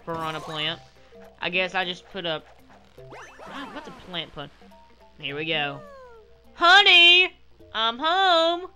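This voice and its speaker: Rambling, pun-making young gaming commentator. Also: male voice, fairly high pitch, unhurried, long pauses, pushed and bright, soft background music. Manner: rambling, jokey, making puns and goofy voices. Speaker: gaming channel host. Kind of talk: let's play commentary. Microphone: headset.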